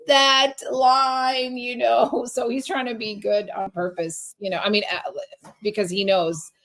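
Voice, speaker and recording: A woman's voice: a little high, level tone, a little slow, a bit bright. Chatty woman who rambles. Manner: rambling, many restarts and fillers. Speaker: podcast co-host. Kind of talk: casual chat.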